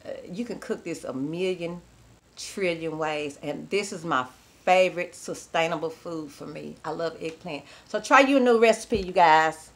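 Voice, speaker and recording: A woman's voice: deep voice, moderate pace. A woman from Texas, talking casually to camera in a folksy, chatty way and laughing easily. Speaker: vlogger.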